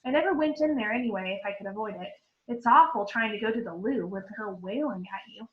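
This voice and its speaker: A woman's voice: medium pitch, lively intonation, roomy sound, natural voice. A woman voicing an earnest, anxious know-it-all schoolgirl in a storybook reading, slightly muffled recording. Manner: quick and anxious.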